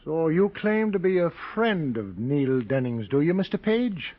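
An actor playing a blunt, suspicious detective's partner in a 1940s radio drama, talking in a needling way. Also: male voice, on the high side, very animated, a little slow. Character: blunt, suspicious male sidekick, tough partner. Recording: muffled old radio broadcast.

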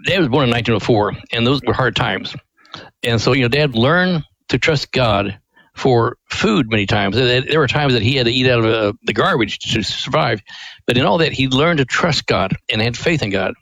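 An older man from Missouri tells a family story in a folksy, unhurried way. He speaks at a middle pitch, and his voice is close and dry with no room sound. He is earnest and devout, and he brings quoted people to life as he goes. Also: animated, fairly bright tone, no room sound, rough recording. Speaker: ministry director, guest.

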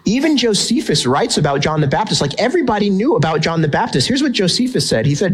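A middle-aged male pastor preaching with an expressive delivery, his voice sitting a little higher than most men's. He dramatizes the questions and answers in the text he explains. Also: fast talker, few pauses, breathy edge, rough recording. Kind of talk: sermon.

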